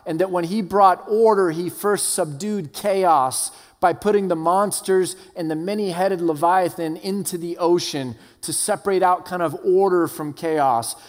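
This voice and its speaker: A man delivering a sermon in an earnest, fervent way, his voice sitting a bit higher than most men's. His words ring out with a long reverb trail, as if spoken in a large hall. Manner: earnest, building from hushed to fervent. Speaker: preacher.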